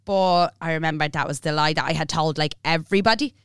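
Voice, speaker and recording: A woman's voice: sits low, fast talker, clean tone, no room sound, clean studio sound. A woman in her twenties with an Irish accent, co-hosting a casual podcast and telling a personal story frankly and with lots of animation, swearing freely. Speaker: podcast co-host.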